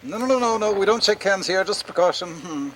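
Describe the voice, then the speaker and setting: Prim stammering government man, high voice, background noise. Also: animated, brisk. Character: nervous, prim male government official. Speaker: government official.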